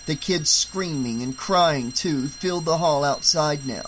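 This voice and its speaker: A man reading an audiobook in a steady, measured way. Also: on the high side, a little hiss or hum, rough recording. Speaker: audiobook narrator. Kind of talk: audiobook narration.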